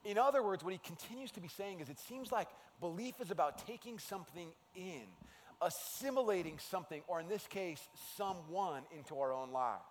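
A man preaching a sermon as a pastor, in an animated, conversational way. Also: sits high, brisk, a little hiss or hum. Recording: long hall reverb.

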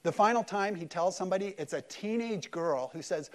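A male pastor delivering an Easter sermon to his congregation. His voice sits a touch high, and he swings from forceful emphasis down to near-hushed phrases. He also acts out the voices he quotes. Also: animated, brisk. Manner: dramatic preaching, swings between loud emphasis and hushed lows. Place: church service.

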